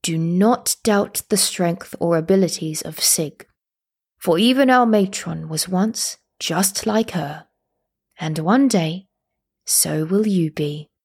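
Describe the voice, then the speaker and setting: A woman voicing a gentle grandfather spirit. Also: lowish voice, slow pace, vocal fry, breathy edge, heavily acted.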